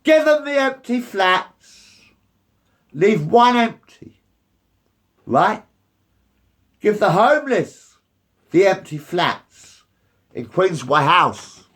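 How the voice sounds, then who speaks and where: A man's voice: sits high, very animated, takes it slowly, long pauses, fairly bright tone. A man, ranting angrily and repetitively with lots of swearing. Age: 50s. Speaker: resident facing eviction. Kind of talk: angry rant to camera.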